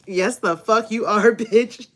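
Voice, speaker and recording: A woman live streams and chats casually with her audience, laughing often and swearing freely. Her fairly high voice moves slowly, yet her manner stays animated.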